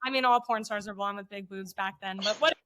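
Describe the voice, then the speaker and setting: A middle-aged woman telling a story in casual chat, profane and animated, acting out what people said. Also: medium pitch, quick pace. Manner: profane, animated, acts out quotes. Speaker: podcast guest.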